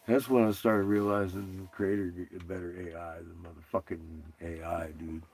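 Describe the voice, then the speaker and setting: A man's voice: on the low side, steady tone, moderate pace, husky, dry recording. A man hosting a livestream, rambling and profane in casual chat, often breaking into laughter. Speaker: livestream host.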